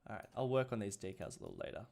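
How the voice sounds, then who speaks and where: A man's voice: fairly low pitch, huge pitch swings, racing, vocal fry, a little mellow. An Australian man chatting casually while streaming a city-building game, laughing often and restarting his sentences. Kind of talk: casual livestream chat.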